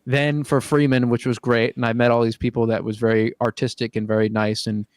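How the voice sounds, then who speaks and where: A young man talks at middle pitch in a loose, rambling podcast chat, swearing freely and padding with "you know" and "like". The sound is dry and close, with no room around it. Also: little pitch movement, brisk, no echo. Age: young adult. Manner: swears often, rambling with many fillers. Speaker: podcast host. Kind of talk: casual chat.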